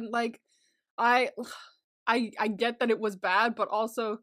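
A young woman with a high, bright voice chats casually on a podcast. She is excitable, giggles often and swears freely. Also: takes it slowly. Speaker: podcast co-host. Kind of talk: casual chat.

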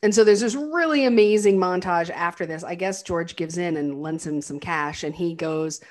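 Chatty woman co-host, lowish voice. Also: normal speed, a little mellow. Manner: chatty, laughs often, many fillers. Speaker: podcast co-host. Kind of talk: casual chat retelling a film.

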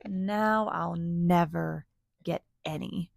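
Lady reading as noah, tired old guy sighing, slow and a bit gravelly. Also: on the low side, steady tone, no room sound, studio quality, pitched below the performer's own voice, full character voice. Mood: exasperated. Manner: exasperated, sighing. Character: Noah, a weary old man kept awake.

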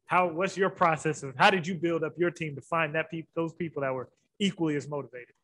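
A man's voice: a little high, steady tone, a little fast, fairly bright tone. A man interviewing a guest, eagerly rephrasing his question as he asks it.

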